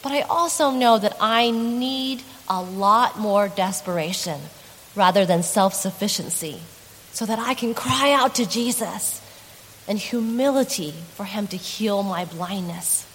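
A woman's voice: medium pitch, measured pace, fairly bright tone, big-room sound, slight background noise, low-quality recording. A woman pastor delivering a sermon in an earnest, conversational way, adding dramatic emphasis.

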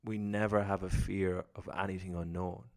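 A man's voice: low voice, level tone, moderate pace, vocal fry. A man giving an earnest, reflective personal talk about self-belief, telling his story with acted-out inner thoughts. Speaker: self-development speaker.

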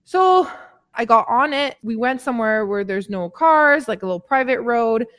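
Lively, chatty woman fitness coach. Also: on the high side, normal speed, smooth. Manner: chatty and candid, addresses listeners as ladies, occasional swearing. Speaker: weight-loss fitness coach. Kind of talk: casual motivational podcast monologue.

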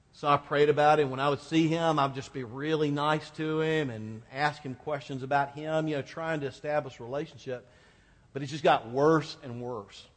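Storytelling pastor in a reverberant church. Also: male voice, on the high side. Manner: conversational, animated retelling with laughs. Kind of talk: sermon storytelling.

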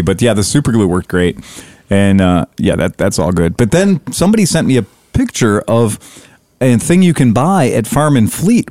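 Profane, animated male storyteller. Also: mid-range voice, dry recording. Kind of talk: casual storytelling chat.

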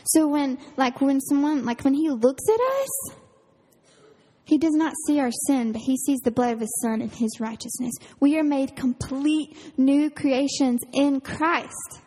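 A woman camp counselor, giving a casual, earnest youth sermon full of fillers and quick laughs. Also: high voice, mellow. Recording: reverberant hall.

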